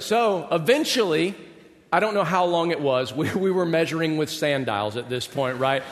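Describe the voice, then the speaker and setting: A man's voice: high-pitched, normal speed. A middle-aged man, a pastor, telling a funny self-deprecating story in a sermon with comic exaggeration. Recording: long hall reverb.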